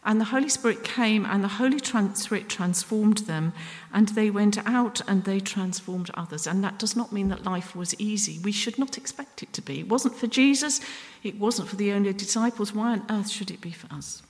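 A woman preaching a sermon up at the front, earnest and self-deprecating, with pauses and restarts. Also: mid-range voice. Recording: long reverb from a hall.

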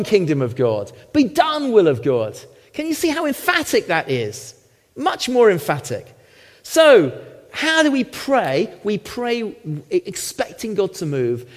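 A middle-aged man, a former lawyer, preaching a sermon with emphatic, animated teaching and frequent check-ins with the congregation. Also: sits high. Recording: long hall reverb.

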